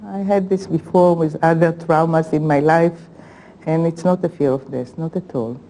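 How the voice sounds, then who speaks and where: A woman, a former hostage, speaking haltingly and with emotion in an interview. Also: low-pitched, fairly even intonation, warm tone, a little hiss or hum, poor audio. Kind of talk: interview recollection.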